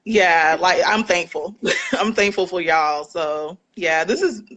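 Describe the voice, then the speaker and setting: Guest: bright-toned, thoughtful, soft-spoken, calling in by phone. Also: medium pitch, takes it slowly. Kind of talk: casual chat.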